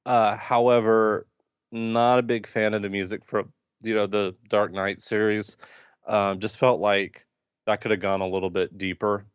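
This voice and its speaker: A man co-hosting a podcast in casual chat, animated and quick to laugh, often restarting his sentences. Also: on the low side, smooth, no room sound, dull audio. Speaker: podcast co-host.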